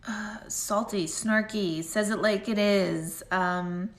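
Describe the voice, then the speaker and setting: A woman's voice: mid-range voice, steady tone, slow pace, roomy sound. A woman doing a live psychic reading, talking in a chatty, rambling way with lots of "like" fillers as she answers her viewers. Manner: chatty, rambling, heavy use of "like". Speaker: intuitive medium.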